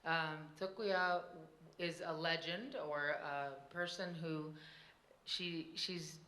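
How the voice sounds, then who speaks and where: Woman storyteller, low but bright voice, animated oral telling, laughs often. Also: takes it slowly. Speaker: tribal storyteller on a panel.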